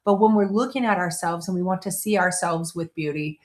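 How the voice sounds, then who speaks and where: A middle-aged woman host with a fairly low-pitched voice speaks briskly in a casual motivational talk. She's conversational, often interrupting herself to restart, and slips into playful quoted voices.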